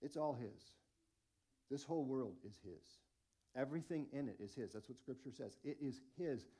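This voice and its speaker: A man in his forties preaching a sermon as lead pastor, telling stories in an animated, self-mocking way. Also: mid-range voice, normal speed, breathy edge.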